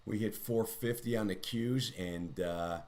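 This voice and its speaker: A man with a somewhat low voice hosts a live trading stream. He walks through his charts in casual, rambling commentary and mocks himself now and then in chatty asides. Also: measured pace, a little mellow.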